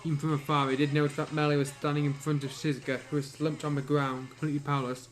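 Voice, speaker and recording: Male amateur narrator, slightly high, halting reads with faint background music. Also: level tone. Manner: halting, with stumbles and throat-clearing. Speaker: reader.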